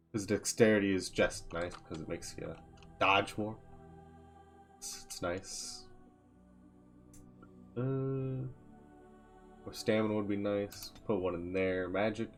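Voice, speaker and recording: Low, gravelly man musing over game menus. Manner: muses aloud, reads out menu text. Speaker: streamer. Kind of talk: casual gameplay commentary.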